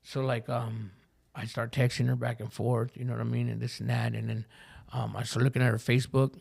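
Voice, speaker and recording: A man tells his hard-living story at a quick clip. His voice is gravelly and fry-heavy. He talks in rough street slang, swears freely and keeps checking in with "you know what I mean, bro.". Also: medium pitch, level tone, a little mellow. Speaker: podcast guest. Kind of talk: candid recovery storytelling.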